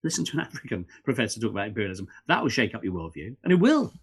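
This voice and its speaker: A middle-aged man holds forth as a podcast guest, his pitch rising and falling in lively swings. He talks fast and rambles, tripping into restarts and peppering his talk with fillers. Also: breathy edge. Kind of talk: casual interview chat.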